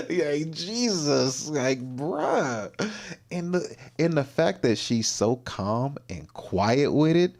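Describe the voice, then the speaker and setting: A man hosts a livestream and reacts in loose, slangy commentary. His voice sits a little high and swings up and down a lot. He takes his time between phrases and breaks into exclamations and laughter. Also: very animated, very slow, gravelly, a little mellow. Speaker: livestream host.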